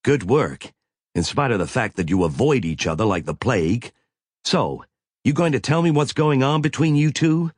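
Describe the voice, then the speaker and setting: Guy doing a bossy lady ship captain, sharp orders, husky, really dry close sound. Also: medium pitch, sing-song, moderate pace, dry recording, pitched above the performer's own voice. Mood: probing. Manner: sharp, scolding commands. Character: stern woman ship captain, commanding and fiery.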